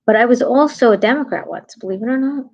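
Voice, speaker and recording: Chatty New woman livestreaming, husky. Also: a little high, fast, rough recording. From New York City. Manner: animated, chatty, drops to whispers for asides. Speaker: comedian livestreaming to viewers. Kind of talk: casual livestream chat.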